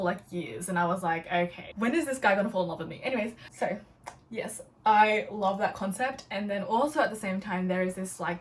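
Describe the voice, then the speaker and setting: Young woman, bubbly and chatty, casual vlog delivery, slightly distant mic with light room noise. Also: mid-range voice. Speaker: book vlogger. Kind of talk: casual book haul chat.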